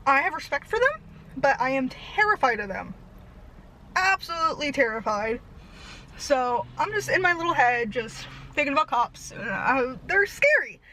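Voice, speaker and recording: High-voiced young woman yapping a storytime, breathless, faint hiss behind. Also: sing-song, sharp tone, low-quality recording. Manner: breathless, fast-talking, self-deprecating. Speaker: vlogger. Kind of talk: rambling storytime chat.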